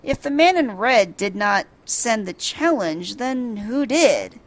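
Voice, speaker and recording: A woman voicing an earnest young assistant investigator from a video game, reading the lines calmly and plainly. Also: on the high side, slow, slight background noise.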